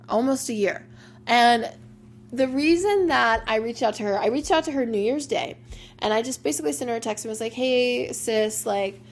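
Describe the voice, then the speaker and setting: A young woman hosts a casual personal podcast, chatting openly and emotionally and saying "like" a lot. Her voice is medium-pitched, with a little hiss or hum in the recording.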